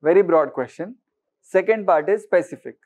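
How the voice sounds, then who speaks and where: Indian man teaching, high voice. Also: animated, moderate pace, darkish tone. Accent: Indian English. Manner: questioning, mixes Hindi words, repeats for emphasis. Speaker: exam-prep teacher. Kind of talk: lecture to students.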